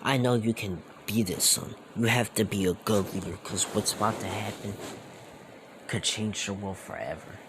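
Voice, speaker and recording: A man's voice: fairly low pitch, normal speed, background noise, close to an everyday voice. A guy voicing an earnest superhero father. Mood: solemn. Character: earnest fatherly male superhero captain, older.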